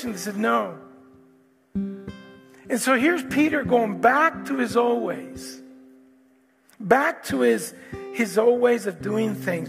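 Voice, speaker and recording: A man preaching a sermon as pastor, animated and prone to restarts, acting out quotes from the story. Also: extremely high pitch, measured pace, creaky, pauses often. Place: church hall. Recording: long hall reverb, faint guitar.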